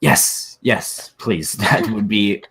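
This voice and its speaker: Man voicing a stranded wagon owner, polite, hesitant, very deep voice. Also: very slow, a crowd in the background. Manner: polite, hesitant, laughs nervously.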